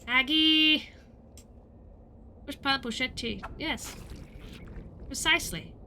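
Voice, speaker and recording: A woman's voice: high-pitched, normal speed, bright, forceful tone, slight background noise. A woman streamer playing a game, joking and talking to herself with rambling questions. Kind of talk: casual game let's play.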